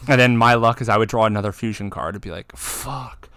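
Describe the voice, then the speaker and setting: A man co-hosting a podcast, talking excitedly about card games, swearing and acting out game moments. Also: lowish voice, fast, smooth, no echo. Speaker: podcast co-host. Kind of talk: casual chat.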